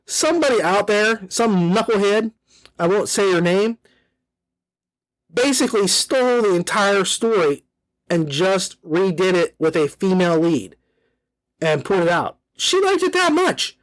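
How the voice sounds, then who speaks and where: A man's voice: high-pitched, unhurried, dry recording. A man hosting an audiobook review podcast, talking casually and enthusiastically, often repeating himself as he gushes.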